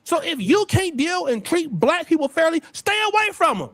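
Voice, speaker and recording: A man's voice: sing-song, moderate pace, fairly bright tone, dry recording, studio quality. A man hosting a heated livestream, preachy and confrontational. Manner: preachy, confrontational, swings pitch widely. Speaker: livestream host.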